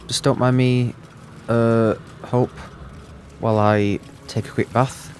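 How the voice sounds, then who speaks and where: A man hosting a let's play, chatting excitedly and thinking aloud as he plays. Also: medium pitch, slow pace, a little hiss or hum. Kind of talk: gaming commentary.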